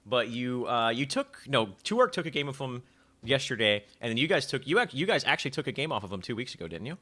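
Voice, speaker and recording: Fast, animated male gaming show host. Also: mid-range voice. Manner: excitable, joking, lively. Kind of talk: casual gaming show chat. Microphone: video call.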